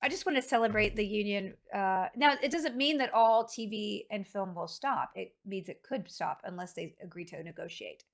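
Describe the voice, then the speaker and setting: A woman's voice: mid-range voice, moderate pace, few pauses. A woman game streamer chatting casually and rambling to her live chat.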